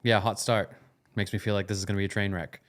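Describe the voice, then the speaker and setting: Laid-back American man, lowish voice. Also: flat delivery. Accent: American, softened by years in England. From United States. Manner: laid-back, joking, tells quick stories. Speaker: podcast co-host. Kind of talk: casual chat.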